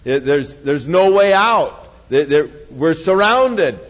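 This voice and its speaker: A man's voice: a little high, animated, takes it slowly. A preacher playing a panicked young male servant who stammers that all is lost, retelling a scripture story in a sermon. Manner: stammering, desperate. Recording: dull lo-fi, long church reverb.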